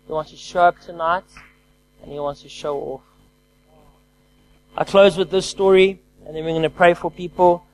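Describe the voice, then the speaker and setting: A man preaching a lively sermon who calls out to his congregation and swings between loud exclamations and quiet, hushed lines. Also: high-pitched, moderate pace, long pauses, a little hiss or hum, rough recording. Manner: energetic call-and-response preaching.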